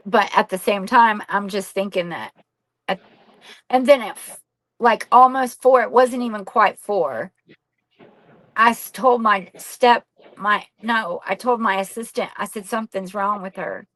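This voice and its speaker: A woman's voice: mid-range voice, a little slow, fairly bright tone, no echo, poor audio. Candid woman telling a hard story. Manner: candid, rambling, reenacts dialogue, swears casually. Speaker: guest. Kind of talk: emotional personal storytelling.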